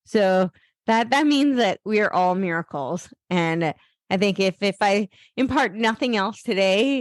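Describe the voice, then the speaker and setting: Casual, low-pitched woman guest. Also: no echo, studio quality. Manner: loose, searching phrasing with many fillers. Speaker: podcast guest. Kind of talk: casual interview talk.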